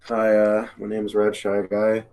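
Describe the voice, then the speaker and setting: A man's voice: on the low side, completely flat delivery, normal speed, a little mellow. Joking young American man. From United States. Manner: joking, self-deprecating, rambling. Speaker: podcast co-host. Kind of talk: casual chat.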